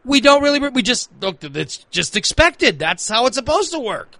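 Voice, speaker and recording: A man's voice: very high-pitched, very animated, moderate pace, sharp tone, no room sound. A man hosting a talk radio show, ranting in a heated, emphatic way and repeating phrases for emphasis. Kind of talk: opinionated talk radio rant.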